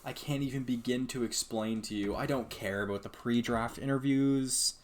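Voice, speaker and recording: A man's voice: medium pitch, fairly even intonation, moderate pace. A man giving casual commentary while playing a hockey video game, exasperated and sarcastic, muttering to himself. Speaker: gaming YouTuber.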